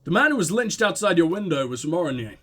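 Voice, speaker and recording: A man's voice: a little high, very animated, fast, sharp tone, exaggerated voice. A man voicing a blunt, impatient police detective who questions in a probing, exasperated way. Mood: pressing, impatient.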